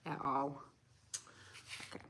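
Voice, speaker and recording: Taking it slowly, a woman with a pushed, bright voice paints and chats on a craft livestream from her home craft room. The talk is casual and giggly, she's very talkative, and "y'all" comes up often.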